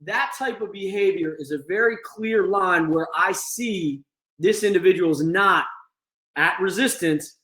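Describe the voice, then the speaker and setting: A man's voice: high voice, a little slow, pushed and bright, echoey room. A man hosting a training session, explaining crisis de-escalation steps to an online audience. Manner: explanatory, acts out examples. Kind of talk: instructional talk.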